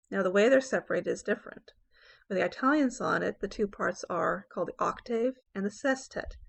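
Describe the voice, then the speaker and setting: Woman prof explaining poems, lots of "okay", bit of vocal fry. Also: mid-range voice. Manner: explanatory, repeats "okay" between points. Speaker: English professor. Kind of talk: recorded lecture on poetry.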